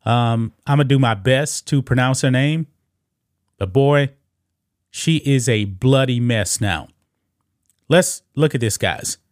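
A man's voice: mid-range voice, slow, long pauses, no room sound. Male commentary host, casual and scoffing, addresses viewers as guys, dry room. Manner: talks straight to viewers, calls them guys; reads news quotes aloud, scoffing.

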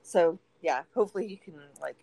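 A woman on a podcast in relaxed, loose chat, punctuated by laughter and easy swearing. She is recovering from a broken leg. The sound is dry and close, with no room echo. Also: on the low side, fairly quick, creaky, husky. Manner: laughs often, swears casually. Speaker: podcast co-host. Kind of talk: casual chat.

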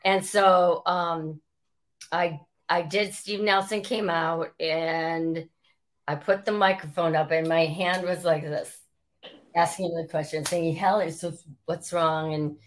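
A woman, a former sports reporter telling stories as an interview guest and acting out quotes as she goes. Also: slow pace. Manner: animated, acts out quotes with rising pitch. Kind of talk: storytelling interview.

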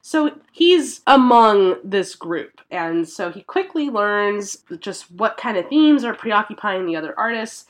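A woman hosting a casual chat podcast, telling a story in an animated way and laughing now and then. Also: mid-range voice, unhurried, hardly any pauses. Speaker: podcast host.

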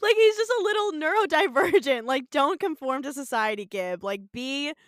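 A woman co-hosting a casual podcast, bantering quickly and laughing often. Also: high voice, expressive, no echo, studio quality. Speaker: podcast co-host. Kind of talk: casual chat.

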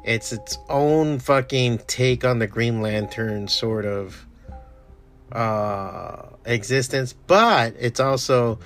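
A man chatting casually and enthusiastically about shows and comics, swearing often and trailing off into quieter mumbles. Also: medium pitch, takes it slowly, soft background music. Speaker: comic artist streamer. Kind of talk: casual rambling chat.

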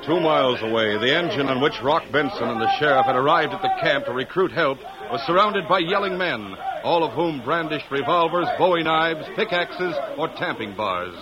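A man's voice: a little high, animated, moderate pace, over a noisy crowd. A man narrating a 1940s radio drama with vivid, dramatic storytelling. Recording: dull old radio, loud hiss.

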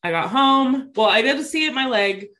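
A woman in her thirties, her voice a little high and her pace measured, gives a co-host a casual, animated account of a personal story. She chats away, dropping "like" as filler throughout.

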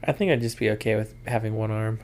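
A podcast co-host in casual chat who makes dry, offhand remarks and now and then mimics high voices. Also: fast talker, darkish tone.

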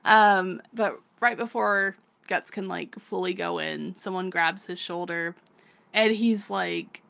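A woman's voice: on the low side, takes it slowly, gravelly, a bit bright. A woman co-hosting a podcast, casually recapping a manga, laughing often and swearing freely as she acts out the characters. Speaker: podcast co-host.

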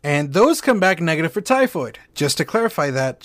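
A jokey, profane man co-hosting a comedy chat, his voice a touch higher than most men's. His pitch swings widely, and the recording is dry and close. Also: big pitch swings, fairly quick, few pauses, fairly bright tone, no echo. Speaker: podcast co-host.

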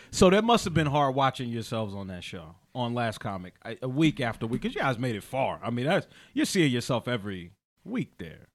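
Podcast host guy, lively up and down voice, curious and amused. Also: medium pitch, moderate pace, no room sound. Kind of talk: casual podcast chat. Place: studio.

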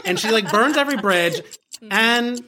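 A man guesting on a podcast, talking about a movie in a sassy, expressive way and laughing often. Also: high voice, normal speed, background noise. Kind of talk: casual chat about a movie.

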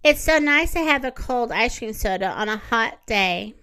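A woman's voice: on the high side, lively intonation, normal speed, sharp tone, clean tone. A woman voicing a kindly father muskrat in a storybook reading. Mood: upset. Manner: upset, earnest.

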